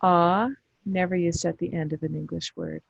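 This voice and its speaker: Woman phonics tutor, low husky voice, slow deliberate delivery. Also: steady tone, no echo, lo-fi sound. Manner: pronounces isolated sounds deliberately, explains briefly. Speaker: phonics teacher. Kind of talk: slow instructional phonics drill.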